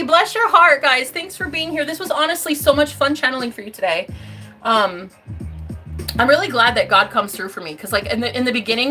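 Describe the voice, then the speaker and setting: A woman's voice: on the high side, sharp tone. A woman hosting a casual livestream, effusive and bubbly, calling her viewers babe and honey and chanting affirmations. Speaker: livestream host.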